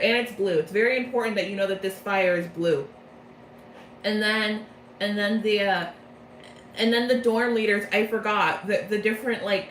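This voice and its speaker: A woman's voice: medium pitch, a bit bright. A woman giving a rambling, self-mocking comedic recap of a game's plot, recorded in a roomy space. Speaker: video creator. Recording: roomy echo, faint noise.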